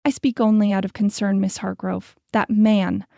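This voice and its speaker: A woman's voice: medium pitch, little pitch movement, normal speed, creaky, warm tone, no room sound, studio quality, natural voice. A woman voicing a prim, meddling middle-aged shopkeeper's wife who talks with false concern in an audiobook.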